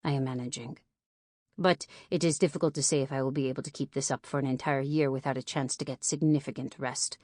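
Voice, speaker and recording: A woman reading an audiobook, voicing a tall, formal Nigerian man who speaks in a measured, courteous way. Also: mid-range voice, steady tone, a little mellow, no room sound, studio quality, natural voice.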